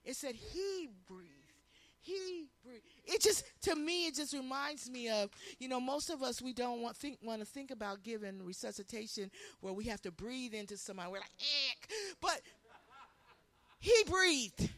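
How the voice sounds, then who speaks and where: A woman preaching a sermon with passion, swinging from loud, shouted lines to hushed ones. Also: on the high side, moderate pace, no room sound.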